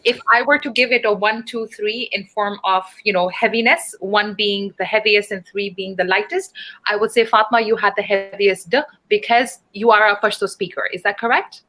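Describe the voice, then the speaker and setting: Her medium-pitched voice pushed and bright, with fairly even intonation at normal speed, a woman from Dubai teaches English speaking online to a group. She patiently explains, spells out words, and quizzes students encouragingly; the recording is rough.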